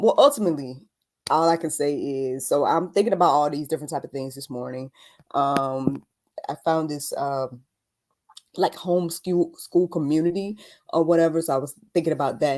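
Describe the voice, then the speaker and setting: A young adult woman hosting a casual faith talk livestream, chatty and animated, laughing often and speaking with many fillers. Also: sits low. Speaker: host.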